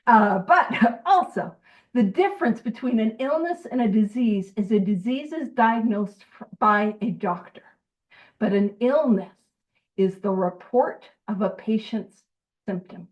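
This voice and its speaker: Chatty, self-deprecating woman leading a group discussion on a video call, higher voice, a bit off-mic. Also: animated, a little slow, recorded from a distance, lo-fi sound. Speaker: co-host of a recovery book study group.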